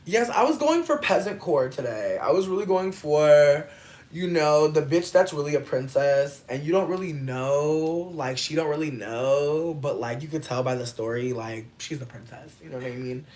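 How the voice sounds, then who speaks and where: A woman's voice: sits low, animated, darkish tone. Chatty, profane woman in her thirties. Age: 30s. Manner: chatty, profane, playful, drawn-out emphasis. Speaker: livestreamer answering chat. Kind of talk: casual livestream chat.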